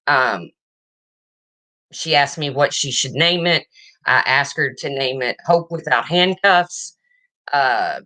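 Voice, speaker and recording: A woman's voice: low-pitched, pushed and bright. A woman vlogger telling a personal story in a frank, emotional way, swearing casually and often checking in with "okay?".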